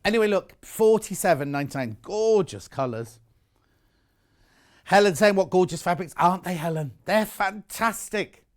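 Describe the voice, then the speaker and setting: A man's voice: high-pitched, lively intonation, moderate pace. Chatty British male craft presenter. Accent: British English. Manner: chatty, teasing, reads viewer messages aloud. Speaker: shopping channel presenter. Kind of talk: live craft shopping chat. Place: TV studio.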